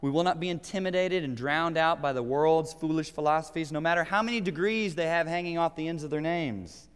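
Male pastor, 30s, earnest and emphatic sermon delivery; resonant, slightly high voice with long hall reverb. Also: a little fast, clear, resonant tone. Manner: earnest, building to emphatic preaching. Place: church sanctuary.

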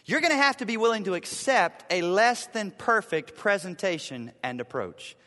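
A man's voice: high-pitched, lively intonation, moderate pace, bright, forceful tone, in a large hall. A man preaching a sermon to his church, acting out the people he quotes in shifting voices. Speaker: pastor. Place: church sanctuary.

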